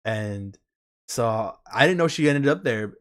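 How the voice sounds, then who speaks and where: A young man hosting a casual chat stream, telling a story in relaxed, slangy talk. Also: mid-range voice, unhurried. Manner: laid-back storytelling with slang. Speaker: streamer host.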